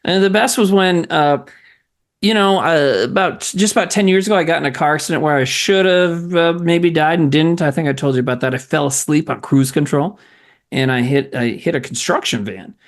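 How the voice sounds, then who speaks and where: A man hosting a comedy podcast, telling stories in casual chat with an animated, profane manner. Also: on the high side, a little fast. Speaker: podcast host.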